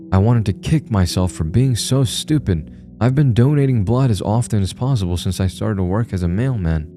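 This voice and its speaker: A man narrating a scripted horror story in a calm, measured way. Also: lowish voice. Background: soft music.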